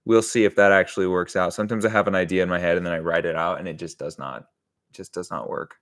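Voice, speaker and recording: Brief: fairly low male voice, relaxed rambling streamer, talks through his writing with the chat. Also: fast talker. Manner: thinks aloud, rambling, answers chat, chuckles often. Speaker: comedy sketch writer streaming live. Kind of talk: casual live-stream chat while writing.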